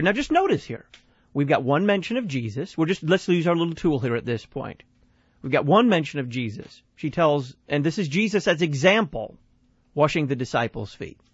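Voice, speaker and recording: A man hosting a radio show talks through a sermon point by point, asking questions and then answering them. His voice sits a little high, and the recording is dry and slightly dull. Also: slightly rough, no echo. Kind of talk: radio commentary.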